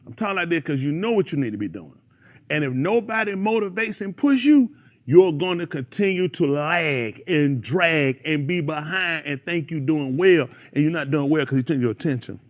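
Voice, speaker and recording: Animated high-pitched preaching man. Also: moderate pace. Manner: animated, preachy, calls out listeners by name. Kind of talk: fiery sermon to a congregation.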